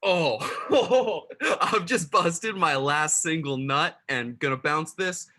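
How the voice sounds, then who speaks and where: A man's voice: fairly high pitch, slow, sharp tone, heavily acted. A man playing a drunk, sweaty ghost of a party bro in an amateur comedy sketch, with loose, slangy talk. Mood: rowdy. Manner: slurring, laid-back slang. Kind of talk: amateur comedy sketch over video call.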